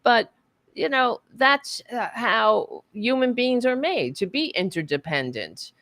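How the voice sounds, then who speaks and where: A woman's voice: on the high side, big pitch swings, unhurried, a bit bright, no echo, studio quality. A woman co-hosting a political talk podcast, speaking in an impassioned, profane, rambling way with many fillers. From United States. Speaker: podcast co-host.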